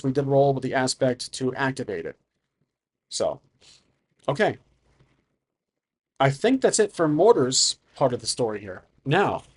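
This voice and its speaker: A man's voice: on the high side, darkish tone. Man thinking aloud through a solo game. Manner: improvising, thinking aloud about rules. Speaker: solo game player and narrator. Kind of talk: narrating a solo tabletop game.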